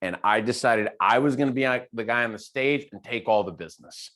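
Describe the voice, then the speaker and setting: Animated man, guest speaker, talking fast. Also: medium pitch. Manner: animated, repeats words and restarts, acts out quotes. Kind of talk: casual conversational interview.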